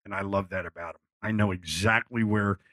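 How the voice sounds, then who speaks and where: A man's voice: fairly low pitch, fairly even intonation, a little fast, fairly bright tone, no room sound. A man, a musician guest at a live event, telling casual stories to an audience in a rambling way, full of fillers and restarts, and swearing freely. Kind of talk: casual storytelling on stage.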